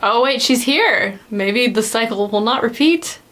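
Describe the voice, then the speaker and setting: A woman's voice: a little high, lively intonation, unhurried, fairly bright tone. Gasping, emotional young woman reacting. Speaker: reaction host. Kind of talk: reacting to a TV show.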